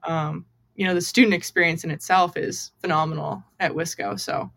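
A woman from the United States, a hockey player, talking as a podcast guest in a relaxed, chatty way full of "you know" fillers. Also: on the low side, moderate pace, creaky, no room sound. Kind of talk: casual podcast interview.

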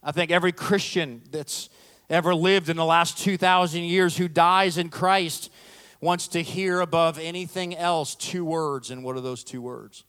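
A middle-aged pastor's smooth voice sits on the high side as he preaches at a measured pace. His sermon is animated storytelling, laced with self-deprecating jokes and imitations of the characters' voices.

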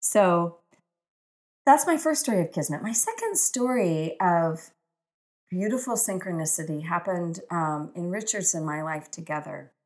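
A woman's voice: fairly low pitch, animated, a little slow. A middle-aged woman, an author, telling inspirational stories in an earnest, emphatic way, piling up repeated phrases. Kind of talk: inspirational storytelling monologue.

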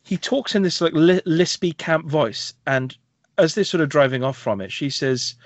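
A British man co-hosting a podcast, chatting about films with quick asides and self-deprecating humour. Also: on the high side, no echo. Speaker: podcast co-host. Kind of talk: casual film review chat. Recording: dry, dull lo-fi mic.

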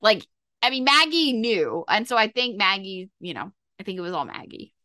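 An excitable woman co-hosting a casual recap podcast, her voice bright and sparkling. Her pitch leaps around as she gushes, and the recording sounds dry and close. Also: normal speed, no echo. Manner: gushing, excitable. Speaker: podcast co-host. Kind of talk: casual chat recapping a TV episode.

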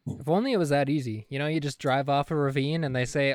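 A man's voice: medium pitch, steady tone, fast, dry recording. A man in casual podcast chat, making dry jokes and saying "like" a lot. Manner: dry, jokey, says "like" often.

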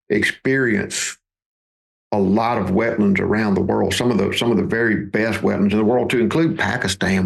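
Guy, late 50s, gravelly low voice, folksy storyteller on a podcast, keeps repeating words. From Mississippi, USA. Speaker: podcast guest, duck hunting outfitter. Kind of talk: conversational storytelling.

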